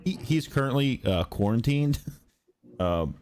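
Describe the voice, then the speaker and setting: A man's voice: medium pitch, lively intonation, unhurried, a little mellow. A man, a father, co-hosting a casual chat, laid-back and telling stories with easy laughs.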